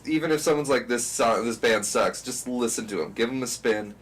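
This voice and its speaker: A man's voice: mid-range voice, fairly quick. A man co-hosting a podcast in casual chat, joking and laughing often. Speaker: podcast co-host. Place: podcast studio. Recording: noisy room audio.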